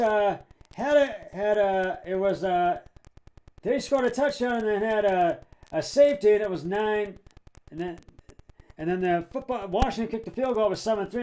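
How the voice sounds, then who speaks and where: A man hosting his own sports podcast, giving frustrated commentary, sometimes yelling, with many fillers and restarts. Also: sits high. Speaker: podcast host.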